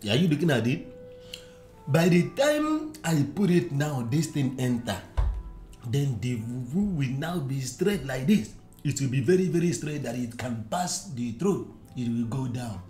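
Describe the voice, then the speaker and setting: A man in a comic film scene, explaining at length and begging loudly while stammering. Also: medium pitch, echoey room. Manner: pleading, stammering, loud.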